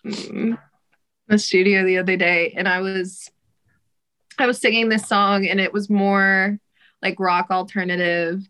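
Bright-voiced young woman, chatty guest. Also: mid-range voice, flat delivery, measured pace, clean tone, low-quality recording. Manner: chatty, laughs often, casual slang and swearing. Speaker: singer, podcast guest. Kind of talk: casual interview chat.

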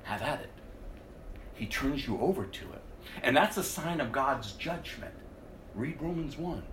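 A man preaching a sermon, reading scripture aloud and then commenting, swinging from loud outbursts to hushed, intense lines. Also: medium pitch, animated, unhurried, echoey room, slight background noise, rough recording. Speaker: pastor.

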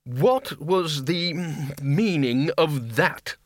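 A man's voice: on the high side, very slow, dry recording, clean studio sound, pitched above the performer's own voice. A man voicing a nervous, stammering wizard bursar who quavers in an audiobook reading. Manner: hesitant, stammering.

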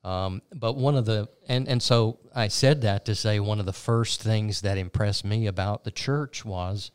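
A man interviewing a guest in a measured way, pausing with fillers now and then. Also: fairly low pitch, fairly even intonation, smooth, dry recording. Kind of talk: interview conversation.

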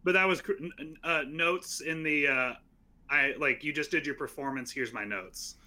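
A man chatting on a movie podcast with a very bright, sharp voice that sits a little high. He jokes constantly, sliding into deadpan, mock-serious bits. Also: moderate pace. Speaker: podcast co-host. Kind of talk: casual chat.

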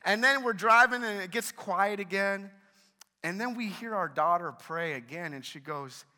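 Male pastor, 30s, high bright voice, animated storyteller, big reverberant room. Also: moderate pace. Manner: storytelling, animated, self-deprecating humor. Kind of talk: sermon.

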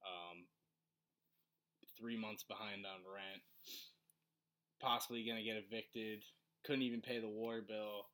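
Bright-voiced man telling stories casually. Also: fairly low pitch. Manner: relaxed storytelling with frequent fillers. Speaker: podcast co-host. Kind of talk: casual conversation.

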